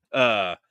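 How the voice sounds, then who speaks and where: Bright, forceful bantering host. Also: male voice, mid-range voice, no echo. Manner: joking, animated storyteller. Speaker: podcast host. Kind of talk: casual chat.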